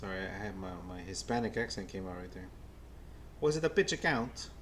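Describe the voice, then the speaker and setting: A man livestreaming a baseball game as a fan, giving casual play-by-play to his chat, stammering and repeating himself, then bursting out when a play excites him. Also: low voice, fairly quick, a little hiss or hum. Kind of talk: casual live game watch-along commentary.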